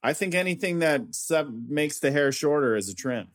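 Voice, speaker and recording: A man, a comedian guest on a podcast, musing deadpan and tossing out crude jokes. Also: on the high side, moderate pace. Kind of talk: casual comedic chat.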